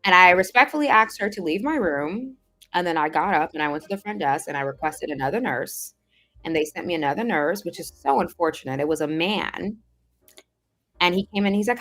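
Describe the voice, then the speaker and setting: A woman telling a personal story as a vlog, animated and emphatic, acting out what others said. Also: on the low side, a little fast, soft background music. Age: adult, has seen the same doctor since age sixteen. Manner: animated, quotes others in a mimicking voice, emphatic and indignant. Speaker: self-improvement vlogger. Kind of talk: casual storytelling monologue.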